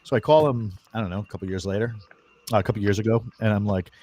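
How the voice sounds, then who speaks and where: A man's voice: on the low side, quick pace. A man guest author on a video call, telling stories in casual chat and acting out his friends' voices. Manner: animated storyteller, acts out quoted friends.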